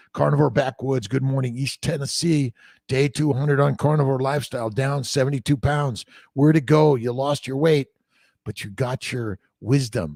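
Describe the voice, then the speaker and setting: Blunt male fertility doctor with a gravelly voice, reading viewer questions aloud and answering them off the cuff, dry close sound. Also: medium pitch, darkish tone, no room sound. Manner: blunt and profane, jumping between topics. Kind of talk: casual livestream Q&A.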